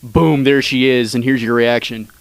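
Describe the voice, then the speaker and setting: A man's voice: mid-range voice, steady tone, moderate pace, vocal fry, noisy background. A man co-hosting a radio comedy show, teasing and cracking jokes in casual chat. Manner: wisecracking, teasing. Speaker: radio co-host.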